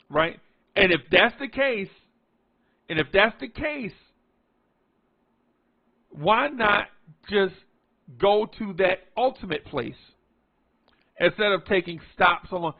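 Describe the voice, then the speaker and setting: A man's voice: sits high, vocal fry, highs cut off. A man from the New area, chatting casually about his basketball team, repeating himself and stretching out key words for emphasis. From New York tri-state area. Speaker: sports fan vlogger. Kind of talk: casual sports commentary.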